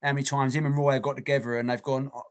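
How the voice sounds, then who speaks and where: A man's voice: mid-range voice, flat delivery, racing. A man co-hosting a podcast in casual chat, blunt and swearing freely. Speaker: podcast co-host.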